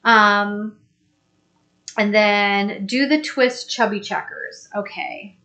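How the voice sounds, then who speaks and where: A woman hosts a live stream at a slow pace with a medium-pitched voice. She chats casually and reads viewer comments aloud, upbeat and thinking out loud.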